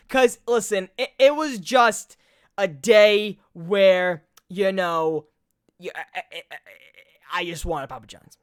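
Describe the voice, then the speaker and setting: Animated New York podcast host. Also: male voice, sits high, clear, resonant tone, no echo, clean studio sound. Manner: animated, swearing, quick restarts. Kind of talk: casual chat.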